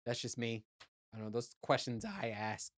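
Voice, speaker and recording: Ears still clogged after a dive, a man who grew up in Puerto Rico hosts his podcast and chats casually with listeners. His mid-range voice has lively intonation and normal speed as he tells a rambling, profane story and laughs at himself.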